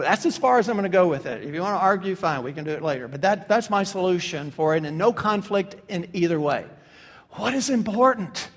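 High-voiced preacher in an echoing hall. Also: male voice. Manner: impassioned, emphatic preaching with vivid detail. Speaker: pastor. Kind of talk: sermon.

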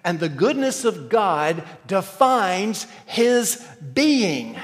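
High-voiced man preaching in a reverberant hall. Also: sing-song, drawn-out words, few pauses. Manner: emphatic, asks many rhetorical questions. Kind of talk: sermon.

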